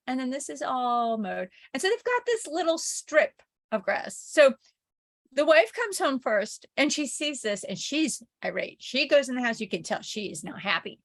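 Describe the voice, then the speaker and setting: A woman's voice: high-pitched, expressive, normal speed, a bit bright. Chatty woman lecturer telling a story. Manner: chatty anecdotal storytelling with frequent "like" and "right?". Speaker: communication professor. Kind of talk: informal recorded lecture.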